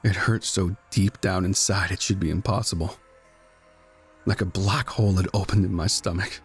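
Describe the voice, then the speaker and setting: A man narrating a first-person horror story in a measured, tense, brooding way. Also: sits low, fairly even intonation, faint music behind. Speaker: guest narrator.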